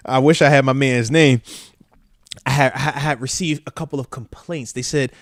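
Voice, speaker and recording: A man in his thirties hosts a casual football talk livestream, loose and slangy, slipping "man" into almost every sentence and adding playful asides in an animated way. His pitch is medium and his pace measured, with long pauses, and the dry recording comes from a close mic that catches his breaths.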